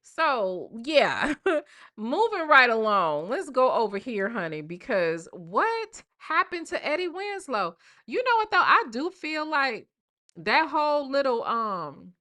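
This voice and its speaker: Woman host, bright voice, sassy, animated, chatty commentary. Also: high voice. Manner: sassy, animated, addresses chat directly. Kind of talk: casual commentary.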